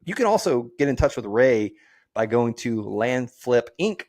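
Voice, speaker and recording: A man hosting a podcast, energetic and joking, ending with a salesy call to action. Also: medium pitch, measured pace. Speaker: podcast host. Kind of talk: casual interview and sign-off pitch. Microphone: portable setup.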